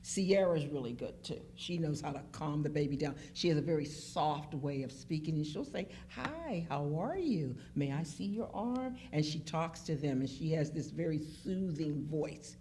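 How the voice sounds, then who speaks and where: A woman's voice: deep voice, normal speed, few pauses, slight background noise. A woman from Pittsburgh who works as a phlebotomist, telling stories emphatically in a casual group chat. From Pittsburgh, Pennsylvania. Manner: animated, emphatic storyteller who acts out quotes. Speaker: phlebotomist guest.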